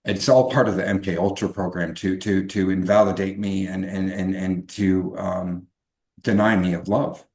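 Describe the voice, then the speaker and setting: A man's voice: low-pitched, flat delivery, normal speed, a little mellow. A middle-aged man telling his own life story as an interview guest, rambling with many restarts and fillers. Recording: echoey room.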